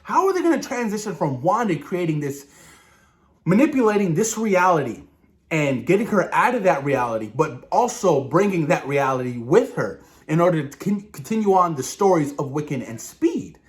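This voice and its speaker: An excitable man rambles through a TV episode discussion, swearing freely and acting out his reactions. His voice sits a little high and swoops all over as he talks. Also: moderate pace. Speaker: show reviewer.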